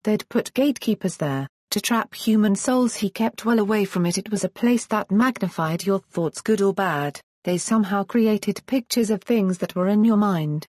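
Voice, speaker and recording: A woman narrating a fantasy story in a steady, measured audiobook style. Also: medium pitch, no echo, clean studio sound.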